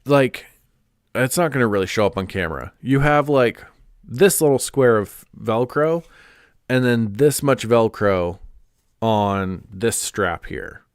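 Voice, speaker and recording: A man's voice: medium pitch, expressive, slow, smooth, no echo, studio quality. A man chatting casually on a live stream, congested and rambling with lots of "like" and restarts. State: stuffed up, congested.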